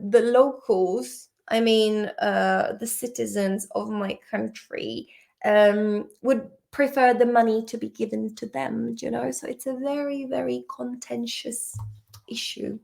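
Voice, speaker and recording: A woman runs a relaxed vocabulary lesson, speaking at an unhurried pace in a slightly high voice with a gravelly edge. She is chatty and teasing, and she curses casually at the definitions she reads. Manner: chatty, playful, swears and teases the dictionary. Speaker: English vocabulary teacher.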